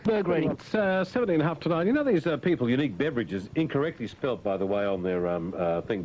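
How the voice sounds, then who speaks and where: Over a dull lo-fi radio feed with faint rumble, a man hosts breakfast radio, reading the news quickly with few pauses and poking fun at it through jokey asides and mumbled fillers. His voice is expressive and a little mellow.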